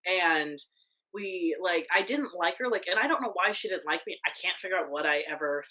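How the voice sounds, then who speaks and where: A young woman co-hosting a podcast, telling a story in casual chat, animated, swearing freely, with lots of filler words. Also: fairly low pitch, brisk, highs cut off. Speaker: podcast co-host.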